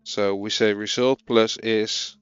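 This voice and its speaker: A man's voice: on the low side, level tone, takes it slowly, clean tone, dry recording, muffled recording, soft background music. A man with a Dutch accent, a native Dutch speaker, thinking aloud as he codes and chatting with viewers on a casual live stream.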